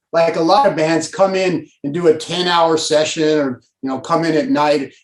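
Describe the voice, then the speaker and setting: A man in his sixties from Pasadena, a guest telling stories in a rambling, animated way with lots of fillers. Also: fairly high pitch, reverberant. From Pasadena, California. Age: 60s. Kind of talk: casual storytelling.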